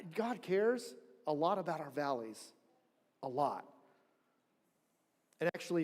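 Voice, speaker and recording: A man preaching a sermon as pastor, telling a story in an animated way and acting out the people he quotes. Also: a little high. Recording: long church hall reverb.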